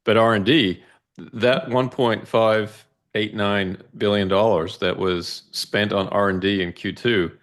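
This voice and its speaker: A man with a fairly low voice explains financial charts in a methodical, conversational way. He steps through each figure carefully and often checks in with a quick "right?". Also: fairly even intonation. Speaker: investment analyst guest. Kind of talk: casual financial discussion walking through charts.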